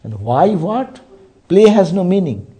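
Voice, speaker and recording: A man's voice: high voice, sing-song, a little slow, warm tone. A man giving a spiritual sermon, telling stories and checking in with rhetorical asides. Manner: storytelling, frequent rhetorical "eh?". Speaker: spiritual teacher.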